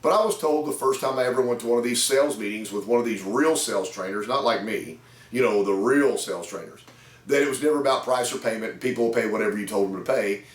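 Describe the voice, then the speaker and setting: Brief: man in his fifties, sales trainer, anecdotal storytelling, mid pitch, roomy sound. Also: quick pace, few pauses, recorded from a distance. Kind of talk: storytelling talk to camera. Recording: echoey room.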